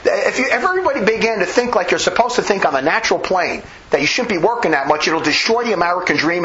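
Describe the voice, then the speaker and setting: A fired-up man preaches an impassioned sermon in emphatic, rambling bursts, often restarting his sentences. His fairly bright voice swings high and low as he presses each point, and the recording is dull and lo-fi.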